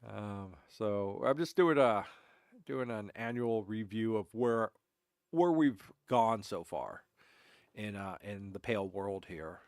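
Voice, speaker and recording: A man's voice: fairly low pitch, expressive, slow pace, no echo, studio quality. A man streaming a game, congested and stuffy-voiced from allergies, giving a rambling, self-correcting walkthrough of his builds. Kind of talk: casual gameplay commentary.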